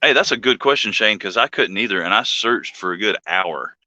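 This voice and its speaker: Deep, sharp-toned joking man host. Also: expressive, brisk, dry recording, dull audio. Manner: rambling, jokey, greets viewers by name. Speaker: livestream co-host. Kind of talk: casual joking chat.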